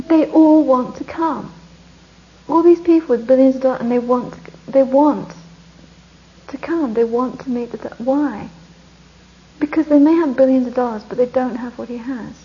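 A woman who is a Buddhist nun, telling stories in an animated, emphatic way and dropping almost to a whisper on reflective points. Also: sits high. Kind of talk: storytelling talk. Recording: muffled lo-fi recording.

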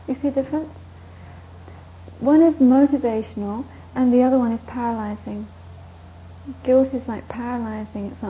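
A woman's voice: fairly high pitch, normal speed. Woman giving a rambling dharma talk. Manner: rambling, anecdotal, laughs often. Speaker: Buddhist teacher leading a course. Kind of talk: dharma talk to a retreat group. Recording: dull lo-fi recording, faint hiss.

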